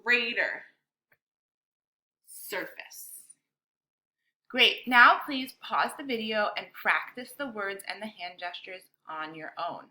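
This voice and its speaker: Leading a bilingual science lesson for children, a female teacher speaks slowly and clearly in an encouraging classroom manner. Her voice is medium-pitched with a sharp tone.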